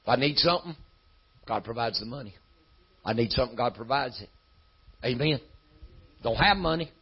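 Husky preacher man. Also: medium pitch, animated, normal speed, muffled recording. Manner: folksy preaching that builds to shouting. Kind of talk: sermon.

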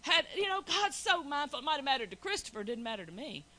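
Earnest bright-voiced woman testifying. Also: sits high, sing-song, quick pace, poor audio. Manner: earnest, storytelling, Southern colloquial. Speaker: church member testifying. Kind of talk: informal church testimony.

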